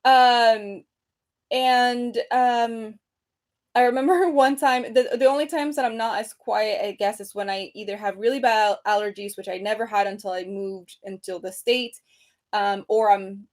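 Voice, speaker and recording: A woman's voice: on the high side, steady tone, unhurried. A woman in her thirties casually chatting on a home livestream, reading comments aloud with many ums and restarts. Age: 30s. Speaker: creator hosting a livestream. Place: room at home. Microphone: computer webcam mic, seated at desk.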